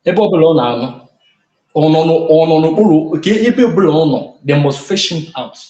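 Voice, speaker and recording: Man, Nigerian accent, caller, halting speech, echoey sound. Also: a little high, expressive, warm tone, dull audio. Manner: hesitant, halting. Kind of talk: casual call-in talk.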